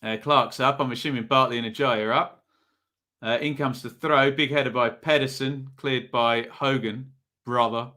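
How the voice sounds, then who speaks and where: A man's voice: medium pitch, fairly even intonation, moderate pace, sharp tone. A man with an East Anglian accent hosting a live football watch-along, giving chatty running commentary and reacting to viewers in the chat.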